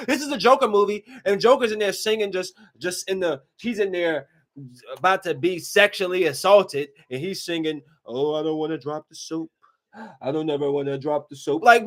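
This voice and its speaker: A man with a fairly high voice hosts a podcast and runs through a movie review as a loose, animated rant. He talks in slang, leans hard on his points and breaks off into quick asides. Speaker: podcast host.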